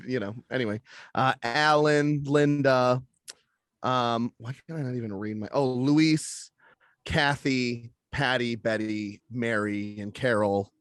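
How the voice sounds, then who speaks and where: A young adult man in easygoing podcast talk. He swears freely and laughs as he tells a story. His voice sits at a middle pitch for a man. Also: a bit bright, smooth, no echo. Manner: loose, profane storyteller who laughs between lines. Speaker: podcast host. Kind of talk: casual chat.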